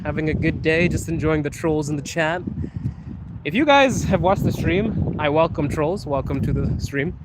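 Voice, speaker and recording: A man's voice: on the high side, moderate pace. A young man hosting a casual live stream outdoors on a city street, talking into a phone at arm's length, reading viewer comments aloud in a laid-back, playful way and laughing often. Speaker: livestream host. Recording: street traffic noise behind.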